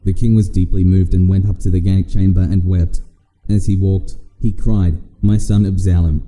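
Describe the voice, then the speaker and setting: A man reading the Bible aloud in a steady, measured scripture reading. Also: deep voice, in a large hall, rough recording. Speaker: Bible reader.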